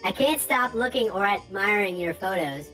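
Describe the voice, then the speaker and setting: Woman reading aloud with a swooping pitch. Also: animated, moderate pace, a bit bright, faint music behind. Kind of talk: reading posts aloud for laughs.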